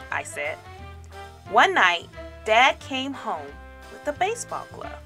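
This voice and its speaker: A woman teacher reading a children's storybook aloud with expressive, animated storytelling. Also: fairly high pitch, a little slow, soft background music.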